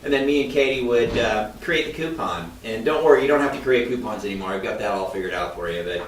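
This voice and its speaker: This podcast storyteller, a mortgage loan officer, talks fast and expressively in a chatty way. He performs the voices he quotes with shifting pitch, captured on a roomy, slightly distant mic.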